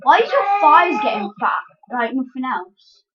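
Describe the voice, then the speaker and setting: A high, excitable woman commentating her gameplay, bursting into yelps and giggly outcries as things go wrong. Her voice sits well above the usual, and the recording sounds dull and lo-fi, like a cheap home mic. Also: a little slow, noisy background. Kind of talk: let's-play commentary.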